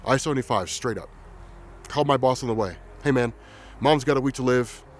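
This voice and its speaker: A man quietly telling a personal story in a halting, reflective way. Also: mid-range voice, a little hiss or hum. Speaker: vlogger.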